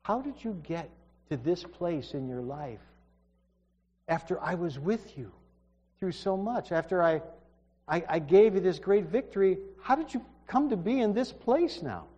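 A man voicing God as a gentle, patient male figure who asks soft, coaxing questions. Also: high-pitched, expressive, unhurried, husky, in a large hall, dull audio, exaggerated voice. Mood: gentle questioning.

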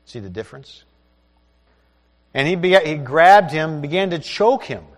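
A male preacher gives a sermon, reading passages aloud and then explaining them in everyday words. His voice sits a little high, and a long reverb from a large hall trails after him. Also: lively intonation, a little slow. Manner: reads scripture aloud, then explains it conversationally.

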